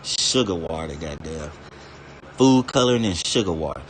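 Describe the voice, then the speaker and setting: Low-voiced, profane man ranting casually. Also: lively intonation, moderate pace, a little hiss or hum. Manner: profane, laughs between lines, digresses freely. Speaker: streamer. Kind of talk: casual rambling rant.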